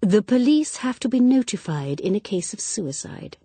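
A woman's voice: mid-range voice, very animated, moderate pace, dark tone, slightly rough, no echo, voice pushed up. A woman voicing an elderly spinster detective who speaks sharply and with authority. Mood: firm. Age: older. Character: elderly spinster sleuth, quiet, commonsense, authoritative.

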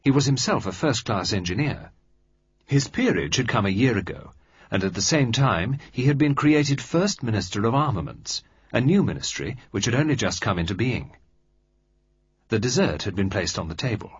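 A man narrating an audiobook in a steady, measured reading style. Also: on the low side, breathy edge, no room sound. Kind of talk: scripted narration. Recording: dry, slightly dull recording.

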